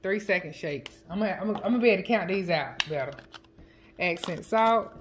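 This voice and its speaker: A woman chatting casually as a home cooking vlogger, counting her seasoning shakes out loud and joking with family off camera. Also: lowish voice, animated, fast, background noise. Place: home kitchen. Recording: kitchen clatter of dishes and utensils.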